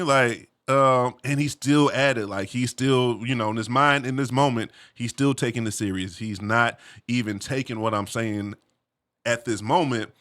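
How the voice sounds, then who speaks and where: A man casually telling a personal story, animated, full of slang and "you feel me" asides. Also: medium pitch.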